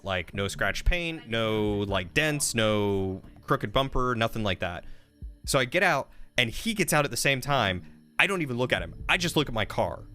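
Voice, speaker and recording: Streamer guy telling a heated story, gets louder and higher when quoting the argument, game music going behind him. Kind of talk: casual gameplay stream chat.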